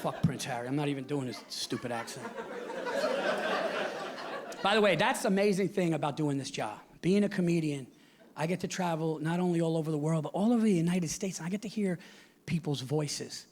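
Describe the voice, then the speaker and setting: A male stand-up comedian performing on a theater stage, ranting with constant profanity and swinging from hushed asides to shouting. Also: fairly high pitch, fairly quick. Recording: live audience laughter and room noise.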